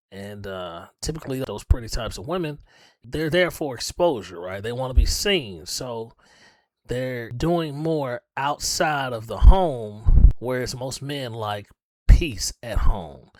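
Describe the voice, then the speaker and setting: A man hosting a reaction video, calmly explaining and often asking "right?" after his points. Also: mid-range voice, dry recording. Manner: calm, explanatory, keeps adding "right?". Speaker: reaction channel host. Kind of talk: reaction commentary.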